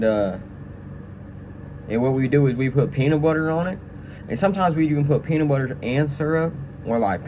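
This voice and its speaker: Young man, mid-pitched voice, casual rambling storytelling, fillers, air-conditioning hum behind. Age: young adult. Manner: rambling, many fillers and tag questions. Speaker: vlogger. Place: room at a training school.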